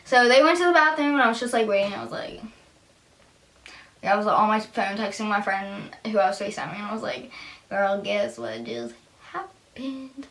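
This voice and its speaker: A woman's voice: medium pitch, a little fast, fairly bright tone. A teenage girl telling a story to camera in a chatty vlog, filling her talk with "like" and acting out what people said. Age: teens. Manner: chatty, lots of "like", acts out quotes. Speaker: vlogger. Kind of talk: casual storytime.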